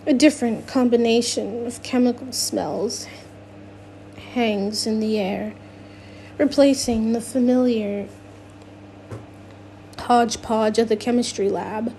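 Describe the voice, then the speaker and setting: Slow, mellow woman reading a novel aloud. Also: fairly high pitch, fairly even intonation, a little hiss or hum. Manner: unpolished reading with restarts and self-corrections. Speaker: audiobook narrator. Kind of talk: first-person novel reading.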